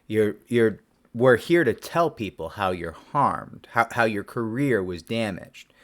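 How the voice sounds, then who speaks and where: A man's voice: fairly low pitch, animated, unhurried. A man, a lawyer, telling a story to camera in a rambling, self-deprecating way with many restarts.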